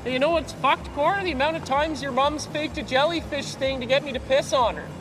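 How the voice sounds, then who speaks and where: An actor playing a foul-mouthed young male hockey trash talker who fires off profane insults, in a clip with loud music behind. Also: very high-pitched, a little fast, poor audio. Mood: taunting.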